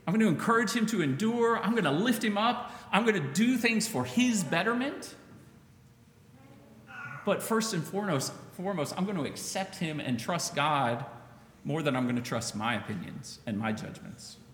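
Male pastor, animated conversational sermon, echoey sanctuary with long reverb. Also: sits high, moderate pace, a little hiss or hum. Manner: conversational, animated preaching with acted-out quotes. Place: church sanctuary. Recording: echoey church hall, faint ambience.

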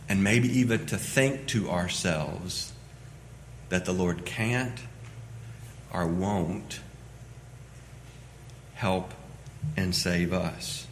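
A man preaching a sermon as pastor, swinging between loud emphatic lines and quiet low asides. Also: a little hiss or hum. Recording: echoey hall with long reverb.

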